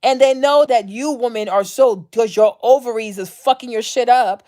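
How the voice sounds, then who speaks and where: A woman's voice: on the high side, moderate pace, mellow. Blunt, profane woman ranting on her vlog. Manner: blunt, profane, repetitive, slangy. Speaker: vlog host. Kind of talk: unscripted commentary rant.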